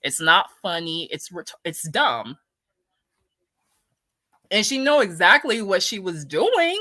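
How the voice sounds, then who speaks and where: A woman's voice: on the low side, big pitch swings, slow, pushed and bright, dry recording. A woman hosting casual opinion commentary, blunt and indignant, swearing freely and reading viewer comments aloud. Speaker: commentary host.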